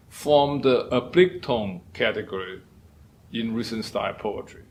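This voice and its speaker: A man lectures at an unhurried, measured pace, stopping to sound out examples with care. His voice sits at an ordinary middle pitch, and a faint hiss of background noise runs under it. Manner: slow, deliberate, demonstrates tones aloud. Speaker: professor. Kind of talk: lecture on poetry and tones.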